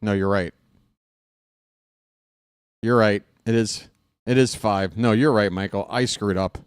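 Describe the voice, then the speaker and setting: A man calling a game as a live fan play-by-play host in a casual, jokey way, jumping from shouted calls to mutters. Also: fairly low pitch, steady tone, unhurried, smooth, dry recording, clean studio sound.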